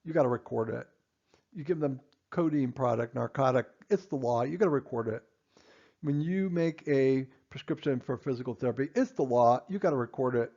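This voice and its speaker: A man's voice: medium pitch, a little fast, dark tone, dull audio. A man, a dentist, giving a stern training lecture to his assistants, emphatic and repeating his points.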